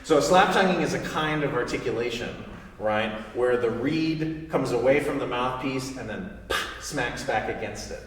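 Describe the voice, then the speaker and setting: A man's voice: medium pitch, lively intonation, moderate pace. A man teaching a saxophone master class. He quizzes the student in an encouraging way and sings articulation syllables to demonstrate them. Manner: encouraging, asks the student questions. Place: recital hall with audience. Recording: distant, echoey hall recording, faint noise.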